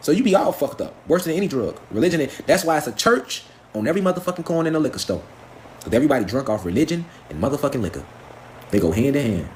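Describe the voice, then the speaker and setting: A man's voice: medium pitch, big pitch swings, quick pace, a little hiss or hum. A man giving a profane, preachy live stream lecture, firing off rhetorical questions. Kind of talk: impassioned live stream rant.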